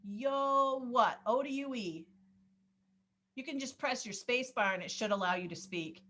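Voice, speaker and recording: A woman teaching a Spanish class over a video call, explaining grammar rules patiently step by step and gently calling on students. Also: on the high side, measured pace. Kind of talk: online class instruction.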